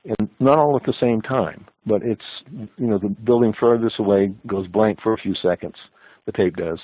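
A man with a low voice explains events step by step in a methodical way. The sound is tinny and phone-like. It is also very dry, with no room around it. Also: moderate pace, no room sound.

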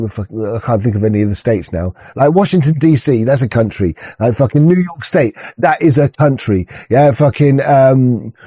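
A man's voice: a little high, mellow, no room sound. A man ranting in profane, rambling commentary, with many restarts and mocking voices. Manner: rambling, swearing, frequent restarts, mock voices. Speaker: streamer reacting to a video. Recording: dull lo-fi sound.

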